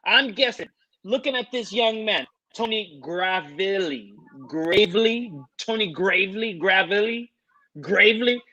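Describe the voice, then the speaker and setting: A man with a high, bright voice breaks down fighters' stats in order. He lays out numbers methodically and then gives his prediction in a casual podcast chat. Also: lively intonation, normal speed, muffled recording. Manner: methodical, walks through stats. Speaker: podcast co-host giving picks.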